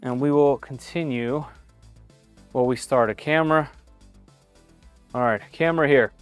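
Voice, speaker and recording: A man's voice: medium pitch, measured pace, clean tone, dry recording, faint music behind. A man giving live-stream commentary while unboxing a machine in his home workshop, thinking aloud with frequent "uh"s and small restarts.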